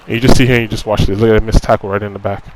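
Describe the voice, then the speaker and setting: A man's voice: lowish voice, flat delivery, rapid-fire, noisy background. A man giving casual commentary over his own football video game match, ranting in a frustrated, conversational way and leaning on "you know" and repeated phrases. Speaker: gaming commentator.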